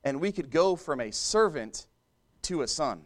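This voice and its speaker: A man delivering a church sermon in a relaxed, conversational manner. His voice sits slightly higher than most men's, and he often restarts phrases and breaks off to talk to the listeners. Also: unhurried. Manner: conversational preaching with frequent restarts and asides to the congregation. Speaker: preacher.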